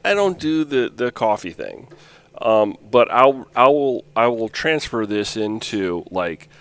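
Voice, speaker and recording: A middle-aged man co-hosting a casual podcast chat, telling stories animatedly with halting restarts. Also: medium pitch, very animated, fairly bright tone, clear, resonant tone, dry recording. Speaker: podcast co-host.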